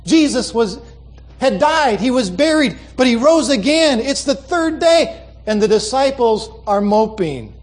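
A man's voice: very high-pitched, expressive, a little slow. A man preaching a sermon, reading letters aloud and commenting on them, repeating a key phrase for the congregation. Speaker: pastor.

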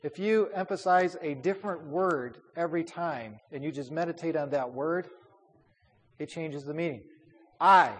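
A man leading a Bible study as a pastor, talking in a conversational way with fillers and repeated words. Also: a little high. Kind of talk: informal Bible study teaching. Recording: long hall reverb.

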